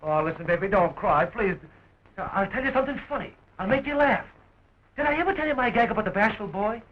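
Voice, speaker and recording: Wisecracking, fast-talking young guy. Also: sits high, animated. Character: wisecracking young man fighting for his sweetheart. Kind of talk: early talkie film acting. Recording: dull scratchy 1920s film sound.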